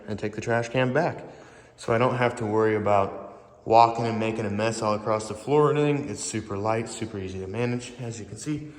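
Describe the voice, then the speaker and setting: Guy rambling through a casual vlog, mid-pitched, swears a lot, roomy garage echo all over. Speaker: vlogger. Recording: echoey garage with long reverb.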